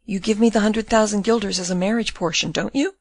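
A woman's voice: mid-range voice, steady tone, quick pace, no echo, studio quality, natural voice. A woman voicing a devoted young girl in grief, speaking in a pleading, distraught way.

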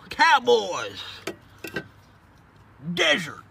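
A man's voice: high voice, wildly swooping pitch, extremely slow, gravelly, pushed and bright, a little hiss or hum. A man doing an absurd rambling comedy monologue, hollering and drawing out words between lots of fillers.

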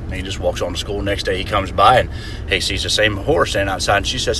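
A man telling a joke in an animated storytelling manner. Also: fairly low pitch, fast, a little hiss or hum.

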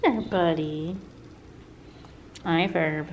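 Slow, cooing woman talking to cats. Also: sits low, lo-fi sound, a little hiss or hum. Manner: cooing pet talk, often hushed to a whisper. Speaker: cat vlogger. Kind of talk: casual talk to pets. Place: cat café.

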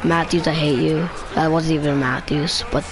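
A man giving excited commentary while playing a video game, trash-talking the players on screen. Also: fairly high pitch, moderate pace, crowd noise.

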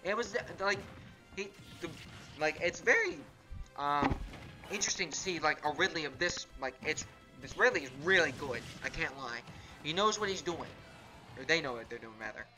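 A man's voice: fairly high pitch, animated, normal speed, music in the background. A man streaming a fighting game, chatting casually in a rambling, laid-back way full of fillers as he comments on matches. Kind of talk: casual live gameplay commentary.

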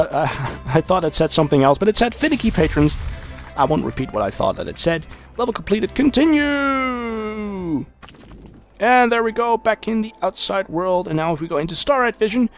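A man talking through a video game in a casual, jokey way, his pitch swinging up and down as he thinks aloud with many hesitations. He sounds like he is at a desk mic, with faint music playing behind him. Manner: rambling and jokey, with frequent filler hesitations. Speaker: let's play host. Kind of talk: casual gameplay commentary.

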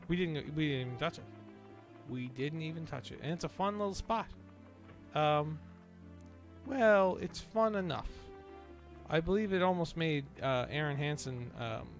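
A man gives let's play commentary with a gravelly, fried edge to his voice, and his pitch swings widely as he talks. He swears and blows up at the game, then coaches himself to calm down. Game music plays faintly underneath. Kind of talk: gameplay commentary. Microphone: desk microphone.

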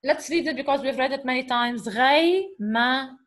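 A woman teacher, her voice sitting a little high. She walks learners through sounds patiently, repeating syllables slowly and checking in with questions. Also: steady tone. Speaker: Arabic teacher. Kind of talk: teaching an Arabic letter lesson in English.

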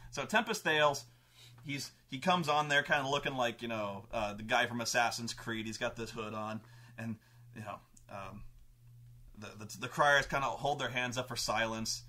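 A man's voice: mid-range voice, normal speed, pushed and bright. A man telling a rambling, profane story about a tabletop campaign he ran as game master.

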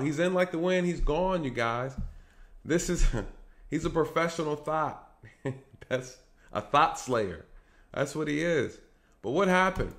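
A man hosting a casual commentary monologue, talking straight to his viewers, checking in with "right?" and "you guys", and swinging between loud, lively stretches and low, muttered asides. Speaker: commentary channel host.

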